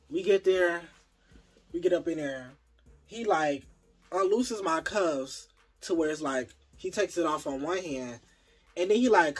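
A young adult vlogger telling a personal story in a casual, animated, profane and dramatic way. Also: medium pitch, husky.

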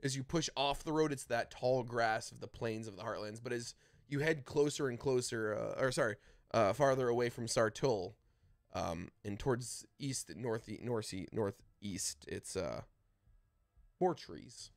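A man narrating a tabletop game as dungeon master, describing scenes in a halting way with many fillers. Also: mid-range voice, gravelly, no room sound, clean studio sound.

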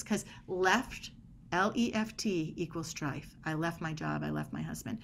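A woman guest on a podcast explaining body language in an energetic, emphatic way. She often acts out little quoted dialogues as she makes her points. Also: sits low, a little slow, vocal fry, slight background noise. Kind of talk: animated podcast conversation.

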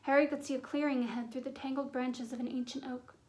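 A woman narrating a fantasy novel as an audiobook, in a measured, suspenseful storytelling manner. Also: high voice, flat delivery, a little mellow. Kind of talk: storybook reading.

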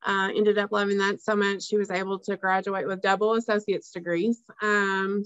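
A woman's voice: mid-range voice, a bit bright, dry recording, highs cut off. A woman school district educator telling a student story on a webinar, emotional and hesitant with many ums. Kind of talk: webinar panel talk.

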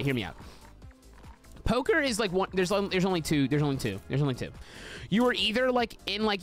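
A young man streaming a game from a small room at home, chatting casually, joking and swearing with sudden excited yelps. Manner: animated and joking, swearing, quick pitch jumps into excited yelps. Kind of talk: casual livestream chatter while playing.

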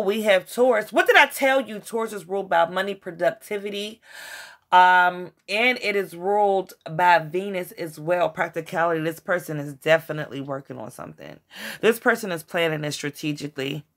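Woman, tarot reader, lowish voice, emotional, excitable, casual slang. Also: moderate pace, vocal fry, noisy background.

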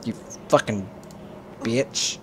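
A man's voice: very slow, slight background noise. A man giving rambling, profane let's play commentary as a gaming channel host, slipping into mock panic.

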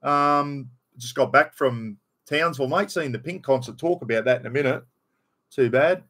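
This Australian man's mid-range voice is fairly bright and slightly rough, at a moderate pace. He hosts a casual livestream, rambling matily, naming viewers as he greets them and swearing bluntly.

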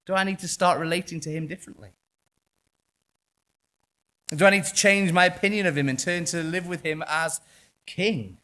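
A man with an English accent preaching a sermon in church, impassioned, swinging between quiet passages and loud ones. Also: high-pitched, moderate pace, long pauses. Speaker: pastor.

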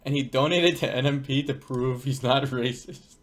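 A man's voice: mid-range voice, moderate pace. A young adult man streaming from home, talking in a casual, crude and rambling way while he plays. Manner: crude, rambling, profane banter. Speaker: live streamer.

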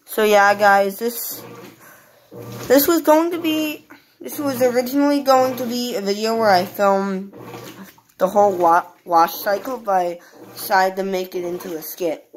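A woman's voice: medium pitch, measured pace, a little hiss or hum, poor audio. A woman hosting her own channel, chatting casually to viewers while filming a washing machine at home on her phone. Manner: chatty, addresses viewers directly. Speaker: channel host. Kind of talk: casual home video vlog. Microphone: phone camera.

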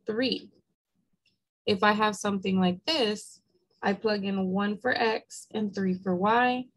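A woman's voice: medium pitch, gravelly, rough recording. A woman math instructor giving a recorded lecture, explaining each step patiently and checking in with "okay?", and she has the hiccups.

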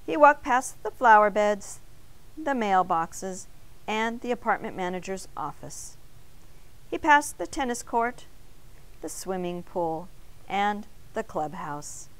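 A woman teacher reading a picture book aloud in an expressive storytelling manner. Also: medium pitch, takes it slowly.

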